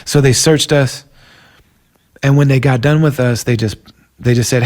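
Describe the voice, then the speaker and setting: A man's voice: medium pitch, steady tone, normal speed, darkish tone. A middle-aged man from Minnesota, hosting a podcast and telling personal stories in an earnest, emotional, conversational way. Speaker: podcast host. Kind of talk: personal storytelling monologue.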